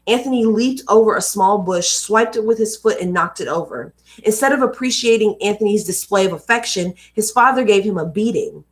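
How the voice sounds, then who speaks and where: Casual woman reading aloud live. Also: medium pitch. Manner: casual, emphatic asides. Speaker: host reading books aloud. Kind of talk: live read-aloud with commentary.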